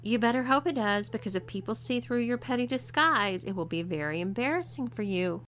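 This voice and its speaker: A woman's voice: a little high, animated, a little fast, fairly bright tone. A woman voicing a cool, teasing young woman who gives orders. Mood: commanding. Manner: commanding, mocking.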